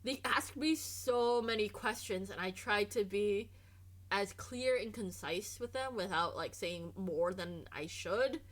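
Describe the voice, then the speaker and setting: A woman's voice: mid-range voice, unhurried. A woman streamer chatting casually over gameplay, rambling and trailing off into restarts.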